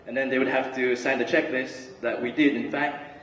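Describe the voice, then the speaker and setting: A man's voice: medium pitch, moderate pace, heavy background noise. Young guy chatting to a student crowd, loose and rambling, echoey hall, mic kinda far off. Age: young adult. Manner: relaxed, chatty, many fillers and restarts. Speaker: student speaker. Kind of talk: casual student talk and spoken word. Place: large hall. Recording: roomy hall recording from far off.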